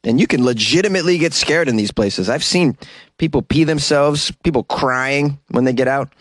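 A man hosting a comedic news commentary, reacting sarcastically to stories and tossing in jokes and quick asides. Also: mid-range voice, no room sound. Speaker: host.

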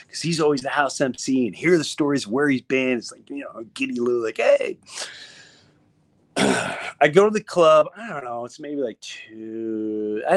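Middle-aged man telling a lively story. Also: mid-range voice. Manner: animated, acts out quoted voices, many restarts. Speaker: comedian guest. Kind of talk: casual storytelling.

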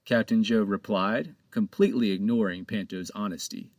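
A man narrating his own children's pirate storybook in a lively, expressive reading, close to the mic. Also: lowish voice, moderate pace, creaky, few pauses, dry recording. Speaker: author and narrator.

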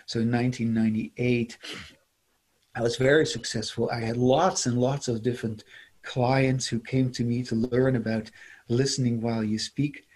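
A man's voice: medium pitch, level tone, moderate pace, a little mellow, slightly rough. A middle-aged man from the Netherlands, talking in a reflective interview, musing and repeating his phrases. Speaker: interview guest, former seminar leader.

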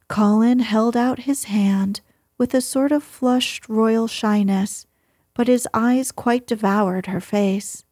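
A woman reading a novel aloud in whispered storytelling, soft and gentle, close to the mic. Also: fairly high pitch, steady tone, takes it slowly, no echo.

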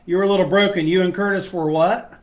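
A high-voiced man talks bluntly and with salty language about his days on the force. His voice rings out in a roomy, echoing space. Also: steady tone, fast, lo-fi sound. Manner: blunt and salty, swears casually. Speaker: guest, retired police sergeant. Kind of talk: casual chat. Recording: echoey room.

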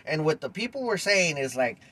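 A man with a high-pitched, pushed, bright voice rants at his podcast listeners in a sing-song, brisk monologue. He is blunt, heated, and confrontational, peppering his talk with street slang, and the recording is rough.

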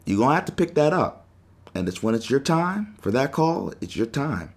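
A man's voice: a little high, normal speed. A young man hosting a sports talk show, telling an emotional story and acting out the quotes. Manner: animated storytelling, acts out quotes.

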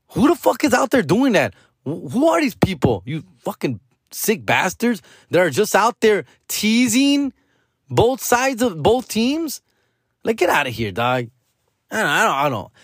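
A man's voice: a little high, no echo. Slangy man, dry close sound. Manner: slangy, profane, bilingual Spanish code-switching; drawling, rambling. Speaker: podcast host. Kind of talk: casual monologue.

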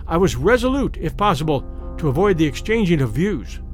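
A man narrates a classic ghost story with measured, dramatic delivery. His voice sits fairly high and rises and falls expressively. A faint bed of music plays beneath him. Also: very animated. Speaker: audiobook narrator.

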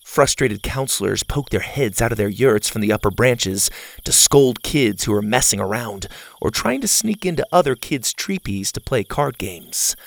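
Guy reading a kids story, lively swoopy voice with some gravel. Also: mid-range voice, moderate pace. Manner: expressive, animated storytelling. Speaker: narrator. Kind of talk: children's story narration.

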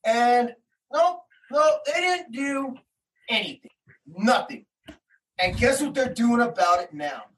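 A man's voice: very high voice, expressive, slow pace, a bit bright. A man telling a personal story in an interview, in rambling, slangy, heated talk full of quoted exchanges. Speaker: interview guest. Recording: voice somewhat distant from the mic.

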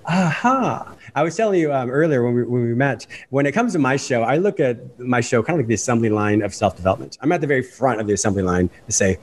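Man, very fast talker, animated, mid-pitched, interview guest. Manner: rapid, animated, apologizes for speed. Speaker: podcast host and guest.

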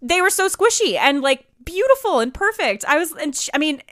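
Stammering high-voiced woman co-host, dry sound. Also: very animated, brisk, a bit bright, no room sound. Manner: rambling, stammering. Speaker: podcast co-host. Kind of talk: casual chat.

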